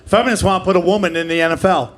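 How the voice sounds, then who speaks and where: A man's voice: high voice, steady tone, slight background noise. A man in his forties performing a profane, brash stand-up set live on stage, slipping into character voices. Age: 40s. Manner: brash, profane, acts out characters in quick bursts. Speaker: stand-up comedian. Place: live comedy club stage. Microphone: handheld stage mic.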